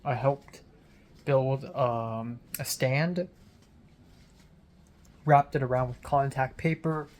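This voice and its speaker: Slow, rambling late-night vlogger. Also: mid-range voice, fairly even intonation, darkish tone. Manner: rambling, many fillers and restarts, casual swearing. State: sounds slightly lispy from a sore tongue. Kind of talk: casual late-night video diary.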